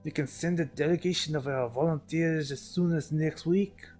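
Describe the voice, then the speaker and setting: Man doing a pompous French doctor, mock French accent, hammy, slow and grand. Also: on the high side, steady tone, a little mellow, faint music behind, close to an everyday voice. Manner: hammy, breaking into laughter.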